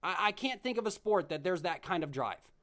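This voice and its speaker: A man's voice: high voice, expressive, brisk, a bit bright. Chatty young man talking sports. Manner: chatty, rambling, repeats himself and restarts. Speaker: podcast host. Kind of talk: solo sports podcast monologue.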